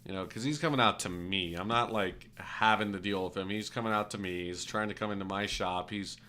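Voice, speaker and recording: A man's voice: fairly low pitch, a little fast, bright, forceful tone. A man streaming a game while telling a rambling, self-correcting story in casual, occasionally profane speech.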